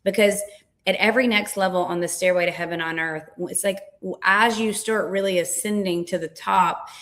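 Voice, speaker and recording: A woman coach, a guest on an interview, explaining ideas in a lively, animated way and acting out little voices. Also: mid-range voice, a little fast. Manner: animated, dramatizes with acted-out voices. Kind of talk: casual interview chat.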